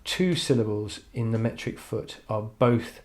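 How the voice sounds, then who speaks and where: A man teaches an English literature lesson online in a lowish, darkish voice at a measured pace. He's thoughtful but hesitant, with frequent "um"s and restarts.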